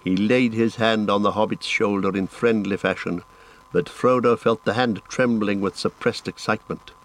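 A man narrating a fantasy audiobook in a measured, dramatic storytelling manner. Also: on the low side, steady tone, low-quality recording.

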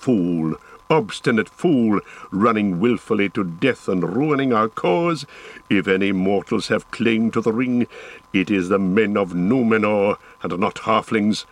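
A man's voice: mid-range voice, measured pace. Boromir, a man voicing a fierce proud warrior. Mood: furious. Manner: impassioned, pleading then raging. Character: proud desperate grown male warrior, fierce. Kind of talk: audiobook character voice.

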